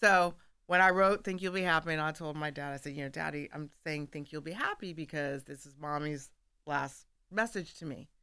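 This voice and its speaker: A woman speaks with a bright, forceful tone and a smooth, crisp clarity, animated and quick to laugh as she recounts conversations. She talks into a studio microphone in a dry, close sound with no room echo. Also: low voice. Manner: animated, laughs often, acts out quoted dialogue. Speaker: guest author. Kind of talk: candid storytelling in conversation. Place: radio studio.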